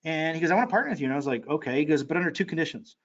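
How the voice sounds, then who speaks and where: Male course seller, high-pitched and rapid-fire, excitable sales pitch, dull lo-fi audio. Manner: excitable, fast-talking, with many fillers and restarts. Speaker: online marketing course seller.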